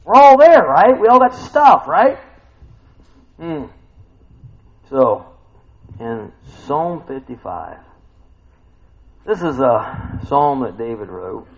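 A man preaching a sermon in a conversational way, often asking "right?" and "huh?", jumping from loud exclaims to quiet asides. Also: fairly high pitch, big pitch swings, slow pace, pauses often, muffled recording.

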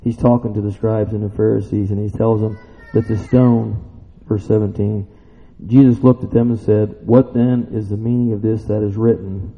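Gravelly preacher man in a reverberant hall. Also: normal speed. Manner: animated, swings from loud excited shouts to low quiet asides; asks the listeners questions. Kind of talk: sermon. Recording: dull sound with long reverb in a hall.

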